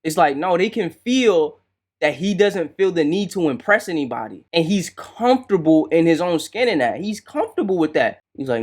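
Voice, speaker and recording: A man hosting a podcast, giving casual commentary in a relaxed, slangy way and often asking "right?". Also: high voice, moderate pace. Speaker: podcast host reacting to a clip.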